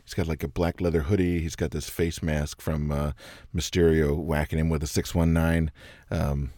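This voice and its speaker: A man with a deep, low voice chats easily about wrestling, laughing often. The sound is dry and close-miked. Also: little pitch movement, normal speed, warm tone, no echo. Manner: laid-back, giggly. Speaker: podcast co-host. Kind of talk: casual chat about wrestling.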